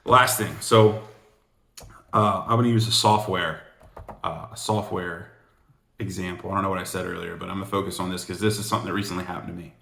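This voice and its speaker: A man's voice: deep voice, steady tone, fairly quick, gravelly, pushed and bright. A man giving casual sales coaching, rambling and full of "you know" asides. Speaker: sales trainer. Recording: echoey room.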